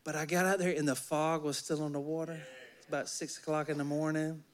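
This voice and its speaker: A man's voice: on the high side, little pitch movement, brisk. A man from Alabama with a Southern accent preaching a sermon in a church, folksy and joking with the congregation. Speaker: pastor. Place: church sanctuary.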